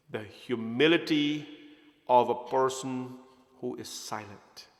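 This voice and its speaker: A man telling a devotional story as a sermon, animated and chuckling, mixing in Hindi words. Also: medium pitch. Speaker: preacher. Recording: echoey hall reverb.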